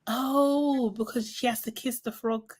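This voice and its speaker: A woman's voice: on the high side, fairly even intonation, unhurried, breathy edge. A woman co-hosting a podcast, recapping a reality show in casual chat and acting out quotes with lots of laughter. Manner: chatty, laughs often, acts out quotes. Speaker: podcast co-host.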